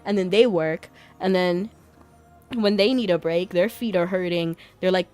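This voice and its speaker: A young woman chats her way through a game stream, easygoing and chatty, breaking into giggles between thoughts. Soft game music plays quietly under her voice. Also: fairly low pitch, a little slow. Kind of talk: casual gameplay chat.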